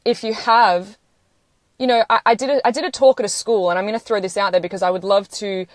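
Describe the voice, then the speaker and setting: A woman's voice: medium pitch, steady tone, fast talker, dry recording. Woman, 30s, tearful earnest livestreamer, blunt and sweary, dry close phone sound. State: close to tears. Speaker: social media livestreamer. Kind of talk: emotional live-stream monologue.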